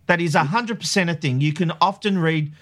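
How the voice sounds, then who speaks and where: A man's voice: on the high side, fairly quick. A man hosts a casual radio panel. He keeps the talk moving, bringing in survey numbers and asking his co-hosts in turn. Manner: lively, leads the discussion with survey figures. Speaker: radio host.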